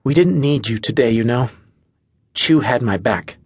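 A man's voice: medium pitch, expressive, a little slow, breathy edge, dry recording. A man voicing a tough young warrior woman in an audiobook, speaking tersely and with a scolding edge. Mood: curt.

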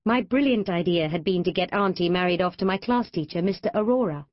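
A woman narrating a children's audiobook with an expressive, animated reading on a close studio mic. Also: lowish voice, brisk, few pauses, no room sound, highs cut off. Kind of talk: storybook narration.

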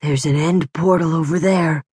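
A woman voicing an easygoing young male treasure hunter friend, approving and relaxed. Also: sits low, moderate pace, slightly rough, dry recording, clean studio sound. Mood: friendly.

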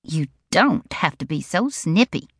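A woman's voice: deep voice, big pitch swings, measured pace, husky, no room sound, studio quality, heavily acted. A woman voicing a chirpy, self-absorbed younger-acting sister with an acerbic streak, in audiobook narration. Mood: sulky.

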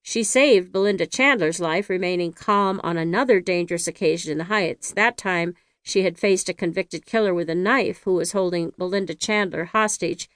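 A woman author narrating her own audiobook in a measured, even storytelling manner. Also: lowish voice, no room sound, clean studio sound.

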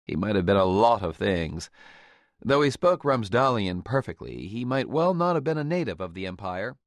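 A male narrator reads a fantasy novel in a measured, expressive way. His voice sits low and steady. The recording is close and dry, with no room sound. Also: no echo. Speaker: audiobook narrator. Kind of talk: scripted audiobook narration.

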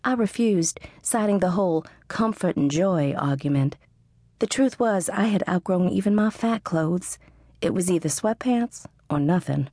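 A woman's voice: lowish voice, animated, a little slow, warm tone, no echo, studio quality. A woman reading a first-person audiobook narration in a wry, sarcastic manner. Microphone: studio close mic.

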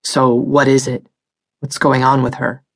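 A woman narrator voicing a blunt, gossiping woman with a gruffer, deeper voice in an audiobook. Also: flat delivery, measured pace, no echo. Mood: demanding. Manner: blunt, demanding.

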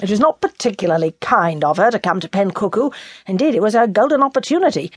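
A woman's voice: medium pitch, lively intonation, quick pace, husky, dry recording, studio quality. A woman voicing an indignant young man who speaks with heated, scornful emphasis in a storybook reading.

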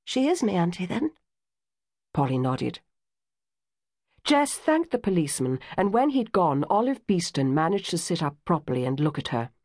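A woman narrating an audiobook in a lively, expressive reading. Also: low voice, normal speed, no room sound, clean studio sound. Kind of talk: scripted narration.

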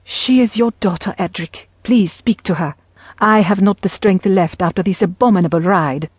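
A woman voicing a dignified, sharp-tongued middle-aged mother who chides and scolds in exasperation. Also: medium pitch, animated, moderate pace, slightly rough, no room sound. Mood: scolding. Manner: chiding, exasperated, haughty.

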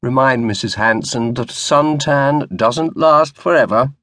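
A man's voice: medium pitch, a little slow, fairly bright tone, no room sound, close to an everyday voice. Man voicing a stern young naval lord. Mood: dry. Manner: stern, dry.

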